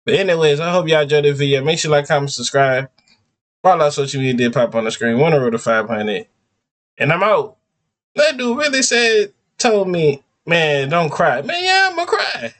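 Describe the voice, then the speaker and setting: A man in his thirties hosting a reaction video, talking in an animated, rambling, slangy way. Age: 30s. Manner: animated, rambling, slangy, jumps between high and low pitch. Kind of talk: casual reaction commentary.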